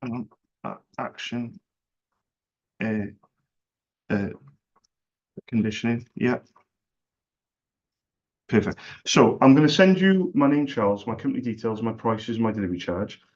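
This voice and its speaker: A man's voice: medium pitch, animated, a little slow, long pauses, a little mellow, lo-fi sound. A man making a friendly cold sales call, chatty and jokey, making fun of himself. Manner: chatty, jokey and self-deprecating.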